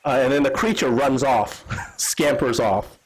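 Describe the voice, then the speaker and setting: A husky-voiced man runs a tabletop game, narrating at a middle pitch. He rambles, stopping and restarting with lots of fillers. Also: a little slow, rough recording. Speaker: game master.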